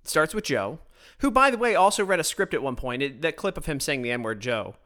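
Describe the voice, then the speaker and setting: Into his own microphone, a podcast host launches a blunt, sarcastic political monologue, stumbling and restarting sentences often. His voice is a little high and fairly bright, animated and a little fast.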